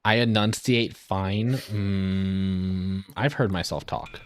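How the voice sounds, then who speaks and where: A man's voice: deep voice, steady tone, slow pace, slight background noise. A man streaming a game in casual chat, talking with a slight lisp and some trouble with consonants, rambling and self-deprecating. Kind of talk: casual chat while gaming.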